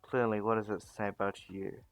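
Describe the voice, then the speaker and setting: A man voicing a calm young male hero in a fan story, lecturing his foe in a steady, defiant way. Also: fairly low pitch, moderate pace, faint music behind, close to an everyday voice.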